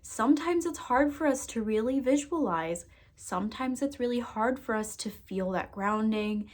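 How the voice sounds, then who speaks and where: A woman psychic and energy worker chatting casually to camera, expressive, laughing and swearing freely. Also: a little high, moderate pace. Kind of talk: casual to-camera vlog chat.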